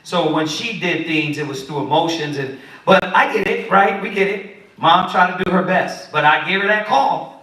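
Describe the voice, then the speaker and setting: A man teaching the Bible in a lively, preachy way, acting out what kids and parents say. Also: high-pitched, normal speed. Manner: animated, preachy, acts out quotes of kids and parents. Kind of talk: sermon-style teaching. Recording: echoey room, far from the mic.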